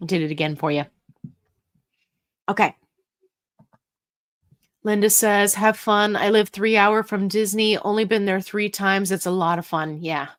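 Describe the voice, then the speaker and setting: Woman doing a livestream q&a, chatty and goofy, reads comments out loud, kinda tired. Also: medium pitch, measured pace, pauses often. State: getting tired. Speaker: host answering live chat questions. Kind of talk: casual livestream chat.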